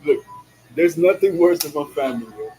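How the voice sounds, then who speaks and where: A man's voice: a little high, expressive, brisk, warm tone, rough recording. Slangy man talking casually, music behind. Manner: slangy, peppered with "yo" and "you know what I'm saying"; laughs often between lines. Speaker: vlogger. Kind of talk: casual monologue. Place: in a car while driving.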